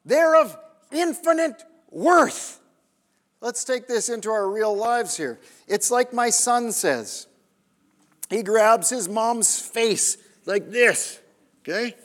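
A man preaching a sermon, pressing his listeners with questions and dropping to hushed tones for emphasis. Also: very high-pitched, lively intonation, takes it slowly. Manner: emphatic, questioning the audience, drops to near-whispers. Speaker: pastor. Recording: long reverb of a large hall.

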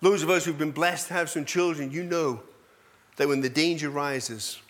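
A male pastor preaching a sermon in an animated, self-deprecating way, full of rhetorical questions. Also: on the high side, moderate pace.

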